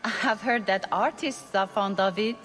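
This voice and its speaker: A woman's voice: medium pitch, unhurried, a bit bright, close to an everyday voice. An actress voicing a hesitant, eager-to-please female servant in a video game. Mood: timid. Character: timid young female party servant.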